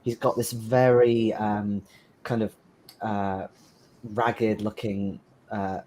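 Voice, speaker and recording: A man with a lowish voice runs a tabletop horror game. He narrates in a halting way, full of ums and restarts. A faint hiss sits under his voice. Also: flat delivery, darkish tone. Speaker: game master.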